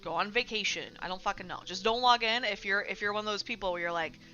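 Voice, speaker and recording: Bright-voiced woman streamer, swearing casually. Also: mid-range voice, fast talker, lo-fi sound, soft background music. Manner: blunt, swears casually, chatty. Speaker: streamer host. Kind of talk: casual livestream commentary.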